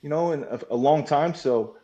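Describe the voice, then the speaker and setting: A man's voice: on the high side, normal speed, warm tone, highs cut off. A man sharing his recovery story in a video-call meeting, candid and emotional, swearing freely. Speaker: meeting participant. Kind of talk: personal recovery share.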